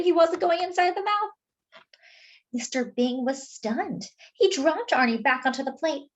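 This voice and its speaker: A woman reading a children's picture book aloud in an expressive, animated way, with asides to her listeners. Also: on the high side, moderate pace. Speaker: storyteller. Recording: dull lo-fi sound.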